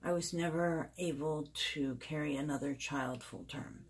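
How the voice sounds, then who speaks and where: A woman in her forties talking to camera in a personal vlog, soft and confiding. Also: low-pitched, normal speed, slightly rough. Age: 40s. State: out of breath. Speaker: beauty vlogger.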